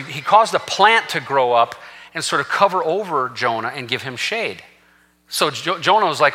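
A man's voice: medium pitch, pushed and bright. A man preaching a sermon as senior pastor, telling a scripture story with acted-out quotes and rising to fervent peaks. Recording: long reverb of a large hall.

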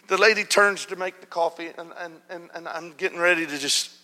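A man preaching a storytelling sermon, dropping to a hush and then rising loud and animated. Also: on the high side, brisk. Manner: animated, swings from hushed to loud. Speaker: pastor. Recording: long hall reverb.

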